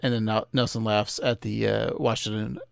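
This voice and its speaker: Man, podcast co-host, casual jokey chat, creaky voice, dry sound. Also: lowish voice, little pitch movement, normal speed, no room sound. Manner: jokey, laughing asides.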